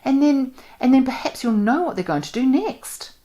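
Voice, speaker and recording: A woman's voice: sits high, lively intonation, normal speed, warm tone, voice pushed up. A woman reading aloud and voicing an imaginative young woman who muses intensely in a dramatic way. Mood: brooding.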